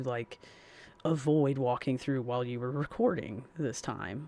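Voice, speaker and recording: A man chatting on a live stream, speaking into a desk microphone. His talk wanders, with plenty of fillers and blunt swearing. His voice sits at an ordinary middle pitch. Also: moderate pace, vocal fry, darkish tone. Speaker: game streamer. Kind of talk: casual live-stream chat.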